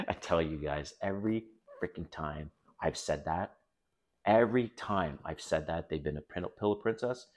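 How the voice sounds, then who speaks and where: A middle-aged man, low-pitched and a little slow, hosts a dating advice video. Casual and blunt toward the camera, he drops the odd swear word and calls everyone guys.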